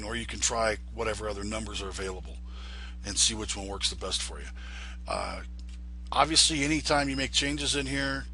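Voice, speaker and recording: A man's voice: medium pitch, sharp tone, a little hiss or hum. A man giving a casual screen-recorded tutorial, rambling and repeating himself with many ums and uhs as he explains settings. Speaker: flight sim tutorial maker.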